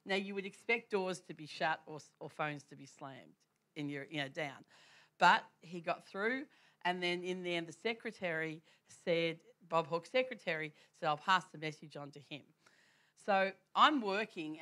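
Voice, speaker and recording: A woman telling a church testimony story, animated and laughing often, with many restarts. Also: lowish voice. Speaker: church speaker.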